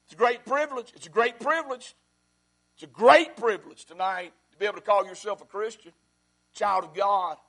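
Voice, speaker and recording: A man preaching a sermon as pastor, repeating his phrases and swinging between loud and hushed. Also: high voice, fairly quick.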